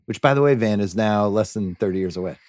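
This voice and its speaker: A middle-aged American man hosts a casual podcast, relaxed and wry as he steers the conversation. His voice sits fairly low, and the recording is close and dry, with no room sound. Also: fast talker, dry recording. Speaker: podcast host.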